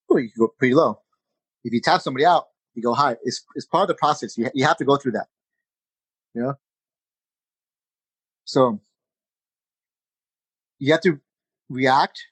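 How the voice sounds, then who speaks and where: A man of middle pitch speaks as a podcast guest, easy and energetic, throwing in "you know" and "man" as he goes. The sound is close and dry, with almost no room around the voice. He talks like a coach passing on lessons to his students. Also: dry recording, low-quality recording. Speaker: jiu-jitsu instructor, podcast guest. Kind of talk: casual interview chat.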